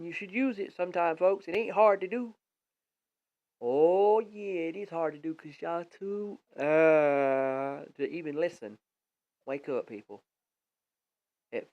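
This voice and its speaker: A high-pitched man rambles and exhorts his listeners, circling back and repeating himself as he preaches. He hosts a live online radio stream. The sound is muffled and lo-fi, picked up by a tablet's built-in microphone. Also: a little mellow.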